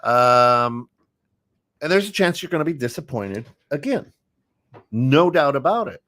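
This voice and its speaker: A man's voice: mid-range voice, big pitch swings, measured pace, fairly bright tone. A man co-hosting a podcast, talking earnestly in a casual motivational chat, often repeating words. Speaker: podcast co-host.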